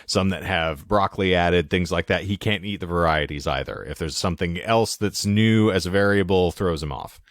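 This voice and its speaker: A man hosting a casual podcast chat, reading out headlines with dry, wry asides that trail off low. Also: moderate pace, hardly any pauses, dry recording.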